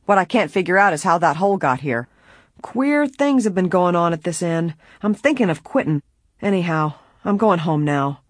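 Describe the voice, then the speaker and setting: A woman voicing a male gardener, gruff and blunt, complaining after an injury, in a dry audiobook reading. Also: lowish voice, lively intonation, moderate pace, no echo. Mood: sore.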